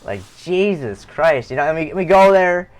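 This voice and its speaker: A man's voice: on the high side, lively intonation, moderate pace. A young man streaming live, telling a rambling personal story with heavy swearing and many restarts. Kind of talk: casual storytelling.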